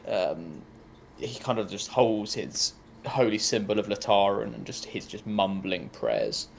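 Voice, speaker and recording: A man narrating a tabletop game as game master, relaxed and often pausing with ums. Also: lowish voice, creaky, slight background noise.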